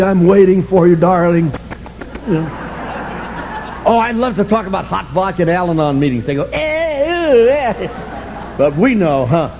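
An older man sharing his story at a recovery meeting, sardonic and humorous, breaking into shouts. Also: high voice, a little hiss or hum, poor audio. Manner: animated, sardonic, bursts into shouting.

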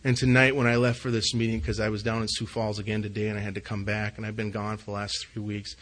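A middle-aged man tells his recovery story to a meeting, his voice bright and forceful. He speaks in an earnest, confessional way, dropping to a hush and then rising loud again. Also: lowish voice, little pitch movement, quick pace, poor audio. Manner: earnest, confessional, swings between hushed and loud. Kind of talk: personal testimony at a recovery meeting.

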